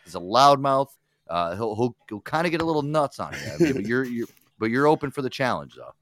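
A man's voice: medium pitch, brisk. A man hosting a casual radio talk show, rambling and swearing as he hypes up a guest. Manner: profane, rambling, excitable promoter talk. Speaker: host.

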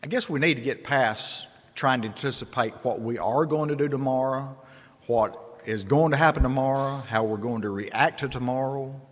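A man's voice: mid-range voice, moderate pace. A man preaching a sermon as a pastor, earnest and rising to emphatic bursts. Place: church sanctuary. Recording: long hall reverb.

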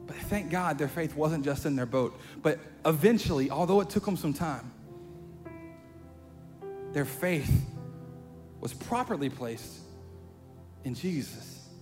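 A pastor preaching a sermon in a chatty, conversational way, building to animated emphasis. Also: male voice, fairly high pitch, slow, pauses often. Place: church sanctuary. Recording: long hall reverb, faint music.

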